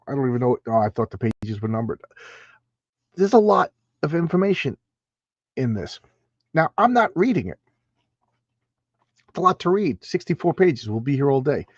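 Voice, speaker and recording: A man's voice: mid-range voice, a little mellow. A man talks through a comic on a casual home livestream, leaning on words for emphasis and restarting sentences as he goes. His voice sits in the middle range. The sound is a little dull and very dry, with no room echo. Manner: chatty, emphatic, frequent restarts. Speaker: comic book channel host.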